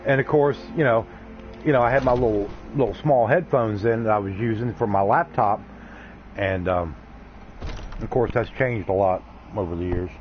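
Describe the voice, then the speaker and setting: A man's voice: fairly low pitch, normal speed, soft background music. A man hosting a game livestream, chatting casually and rambling in a laid-back, folksy way. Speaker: gaming livestream host. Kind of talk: casual chat while streaming a game. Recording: slightly dull lo-fi stream audio.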